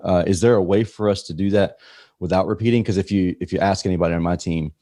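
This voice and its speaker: A man with a very low voice hosts a podcast. He asks his questions casually, rambling and restarting. The sound is dry and close. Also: steady tone, fast talker, mellow, dry recording. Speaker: podcast host.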